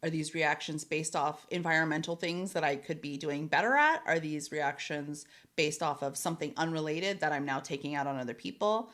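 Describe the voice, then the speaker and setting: A woman co-hosting a podcast, chatting casually in a lively way, laughing often and swearing casually. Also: low voice, brisk, few pauses. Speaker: podcast co-host. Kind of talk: casual chat.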